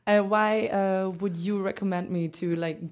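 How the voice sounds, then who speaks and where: A woman's voice: medium pitch, steady tone, moderate pace. A German-speaking woman hosting an interview in English, asking easygoing questions and laughing often. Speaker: interviewer, host.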